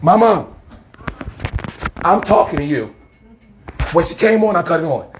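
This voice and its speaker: A man, a street preacher arguing defensively outdoors by a church, talking fast and repeating himself, filmed on a handheld phone. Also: fairly high pitch, sing-song, a little hiss or hum. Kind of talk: heated confrontational street talk. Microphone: handheld phone camera.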